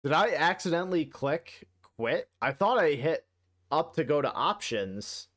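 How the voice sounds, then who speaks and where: A man's voice: on the high side, expressive, unhurried, fairly bright tone. A man streaming a video game from his home setup, chatting casually into a desk mic with rambling, profane jokes. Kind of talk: casual live-stream commentary.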